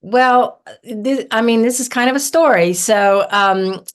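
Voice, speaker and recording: A woman from southern Ohio, a guest on a podcast, telling stories in an animated, chatty way with many fillers. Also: on the high side, unhurried. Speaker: herbalist guest. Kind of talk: casual storytelling interview.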